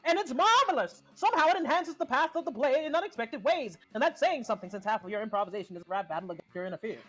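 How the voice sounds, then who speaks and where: Brief: high animated player reading game text, faint music behind. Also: rapid-fire, poor audio.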